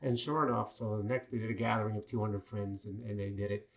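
Older man telling animated stories. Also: fairly low pitch, quick pace. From Long Island, New York. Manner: animated storyteller with many fillers. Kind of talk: casual chat, storytelling.

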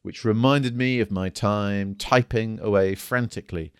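A man's voice: fairly low pitch, a little slow, clean tone, no room sound, studio quality. A man co-hosting a casual podcast, talking in a loose, chuckling way. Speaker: podcast co-host.

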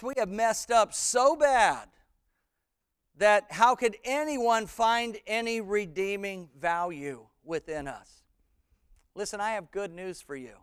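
A man preaching as senior pastor, earnest, dropping to a hush for scripture and climbing loud when stirred. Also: sits high, smooth, dry recording, studio quality. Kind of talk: sermon.

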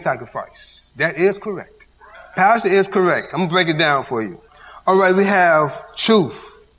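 Man, fairly high voice, bible teacher, call-and-response questions, long hall reverb. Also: a bit bright, slight background noise. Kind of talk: interactive church teaching. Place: church hall with audience.

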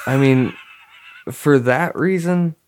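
A young man telling stories in a relaxed, rambling way, full of slang and swearing. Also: mid-range voice, slow, slight background noise. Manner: laid-back, rambling storyteller with lots of slang and swearing. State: dry mouth, slightly hoarse. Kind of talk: casual chat.

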